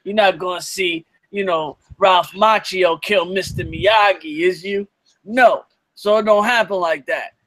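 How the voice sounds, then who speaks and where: Blunt, high-voiced male co-host. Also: a little slow, a bit bright, dry recording. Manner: blunt, swearing, comic asides. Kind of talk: casual live podcast chat.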